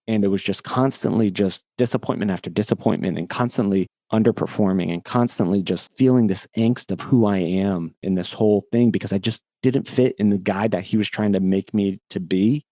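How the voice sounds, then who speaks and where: 40s guy telling a story on a podcast, low warm voice, dry close sound, candid and lively. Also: no room sound. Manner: animated, candid storyteller who laughs at himself. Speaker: podcast guest. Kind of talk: personal storytelling in a conversation.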